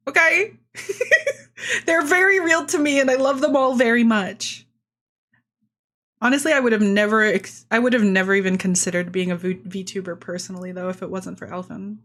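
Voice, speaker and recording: A woman's voice: medium pitch, fairly even intonation, moderate pace, a bit bright. Giggly, foul-mouthed young woman streamer. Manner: giggly, swears a lot, self-deprecating. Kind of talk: casual gaming stream chat.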